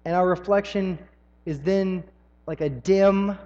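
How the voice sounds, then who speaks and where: A man's voice: high voice, takes it slowly, warm tone. A young man from the American South giving a folksy, storytelling sermon with frequent ums. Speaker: preacher. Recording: dull sound in a reverberant hall.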